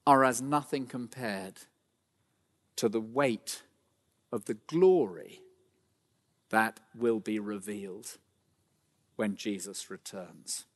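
A man's voice: fairly low pitch, slow pace, pauses often. A man in his fifties preaching a sermon in a church, earnest and often climbing to fervent emphasis, with fillers and restarts along the way. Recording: long hall reverb.

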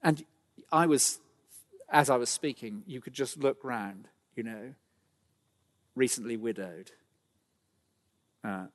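A middle-aged man delivers a church sermon, his voice pitched in an ordinary middle range. He speaks earnestly, rises to fervent emphasis, and drops in fillers and restarts. The sound carries a long reverb from a large hall. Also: takes it slowly, long pauses. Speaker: preacher.

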